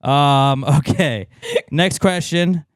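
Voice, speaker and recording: A man co-hosting a podcast in casual banter, animated, joking and swearing freely. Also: fairly high pitch, drawn-out words, clean tone, no room sound, studio quality. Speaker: podcast co-host.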